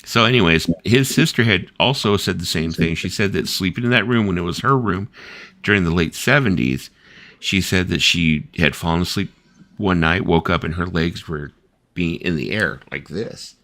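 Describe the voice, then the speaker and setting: A man in his fifties hosts a casual late-night chat in a deep, pushed, bright voice at a moderate pace, with no room sound. He rambles through stories packed with "like" and "you know," acting out the voices of the people he quotes.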